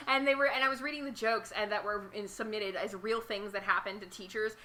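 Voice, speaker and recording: A woman's voice: mid-range voice, steady tone, a little fast, sharp tone, poor audio. A young woman as a podcast guest, chatting and telling stories in a rambling way. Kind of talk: casual chat.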